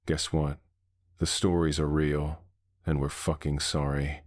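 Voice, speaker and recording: A man's voice: a bass voice, little pitch movement, a little slow. A man voicing a frightened, bitter man in his fifties who steadies himself to face a monster. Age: 50s. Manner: shaky but steadying, bitter. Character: shaken middle-aged man facing a monster.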